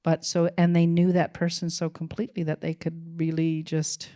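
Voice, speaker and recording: Musing woman, lowish voice. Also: completely flat delivery, mellow. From Canada. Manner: halting, full of restarts and laughs, musing. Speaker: film director, guest. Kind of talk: casual interview talk.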